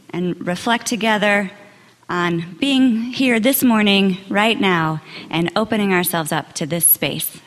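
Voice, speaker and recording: A woman minister gently leading a quiet reflection and prayer in a worship hall. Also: lowish voice. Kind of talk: sermon and meditation. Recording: long hall reverb.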